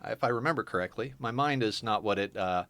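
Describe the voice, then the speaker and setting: A man's voice: fairly low pitch, fast talker. A man streaming a game live, chatting casually and explaining each step of his plan as he goes. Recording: steady background noise.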